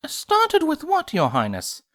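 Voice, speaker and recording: A man's voice: extremely high pitch, wildly swooping pitch, slow pace, a bit bright, no echo, studio quality, pitched above the performer's own voice, heavily acted. A man reading a fan story aloud, voicing a refined, prim unicorn mare who speaks politely with some drama. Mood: puzzled. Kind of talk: fanfiction audiobook reading.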